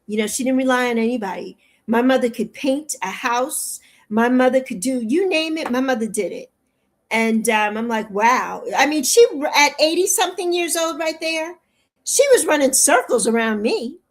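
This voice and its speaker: This older female interview guest has a high-pitched, expressive voice at normal speed, and the recording is rough. Her talk is heartfelt and repetitive, climbing toward tearful pleas in an emotional conversation.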